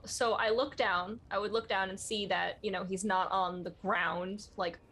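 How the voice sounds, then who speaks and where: A woman playing in a tabletop role-playing game, chatty and questioning, quick to joke. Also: mid-range voice, steady tone, fairly bright tone. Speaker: player. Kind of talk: casual tabletop play.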